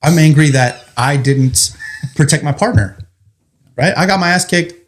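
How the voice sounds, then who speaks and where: A man's voice: a little high, measured pace. A firefighter telling his own story in a candid, vivid, plain-spoken way. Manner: candid and vivid, with blunt swearing. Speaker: firefighter guest. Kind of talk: personal storytelling.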